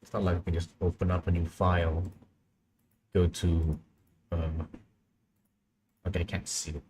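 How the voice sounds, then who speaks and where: A young man chats half to himself as he works through a live stream, his voice sitting very low and relaxed. He mutters and restarts his thoughts casually, close to a desk mic. Faint room hum and mouse clicks sit behind him. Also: moderate pace. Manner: muttering, thinking aloud while working.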